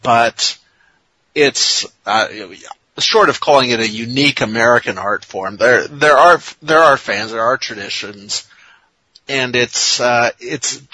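A man co-hosting a soccer talk show, speaking in a rambling, halting, wry way with lots of restarts. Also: medium pitch, sharp tone, slightly rough, no echo, low-quality recording. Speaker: soccer podcast co-host. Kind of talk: casual sports talk.

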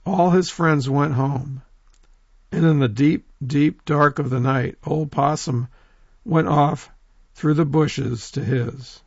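A man telling a folk tale in a lively oral storytelling manner, talking straight to his listeners. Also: fairly high pitch, slow pace, vocal fry, slightly rough, no echo, lo-fi sound. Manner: lively, animated, addresses listeners directly.

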